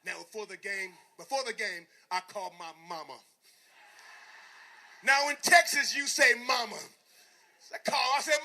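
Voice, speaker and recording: Motivational speaker, man, bright and high-pitched; animated storytelling that drops low and then bursts out loud. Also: normal speed, pauses often. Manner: animated, swings from quiet to shouting. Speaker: motivational speaker, former football player. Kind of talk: storytelling speech to a live audience.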